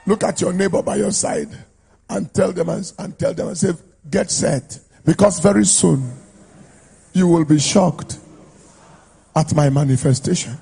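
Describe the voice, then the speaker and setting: A pastor preaching a sermon to a congregation in a declamatory, call-and-response style, urging people to shout amen. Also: male voice, a little high, a little slow, vocal fry, husky. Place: church service with a congregation.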